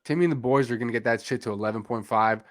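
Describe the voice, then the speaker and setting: A man's voice: mid-range voice, racing, no room sound. A man hosting a casual sports podcast, laid-back, swearing freely and talking to listeners as folks. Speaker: podcast host.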